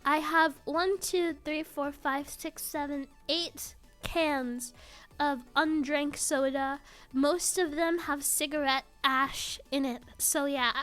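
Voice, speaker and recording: A high-pitched, bright-voiced woman rambling casually on a stream. She talks slowly and drawls, laughing and teasing herself between thoughts. Faint music plays in the background. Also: fairly even intonation. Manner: giggly, self-mocking, jokey rambling.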